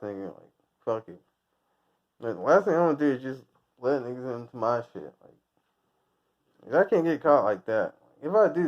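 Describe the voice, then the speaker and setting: A man from the United States ranting casually, rambling and crude, often breaking into laughter at his own jokes. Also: mid-range voice. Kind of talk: casual profane rant. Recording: dull lo-fi recording.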